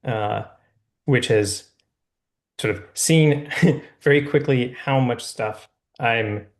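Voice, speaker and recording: A man's voice: medium pitch, takes it slowly. A man shares a personal check-in over a video call. He speaks hesitantly, with frequent fillers and restarts as he tries to find the right words. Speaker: participant.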